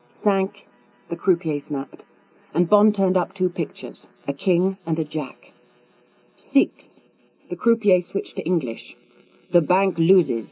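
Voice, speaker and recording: A woman narrating a thriller audiobook in a measured, composed read. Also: low voice, breathy edge. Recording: tinny, phone-like with mains hum.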